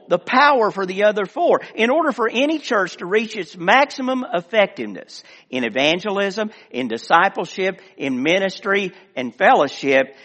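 A middle-aged man, a former pastor, preaching a sermon with earnest emphasis that swells and then drops to quiet asides. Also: high voice. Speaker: director of missions, former pastor. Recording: long hall reverb.

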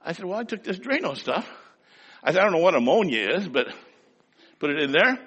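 A man's voice: high voice, very animated, a little fast, fairly bright tone, slightly rough. Folksy preacher man in a reverberant hall. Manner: folksy anecdotal storytelling, rising to emphatic scripture reading. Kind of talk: storytelling sermon.

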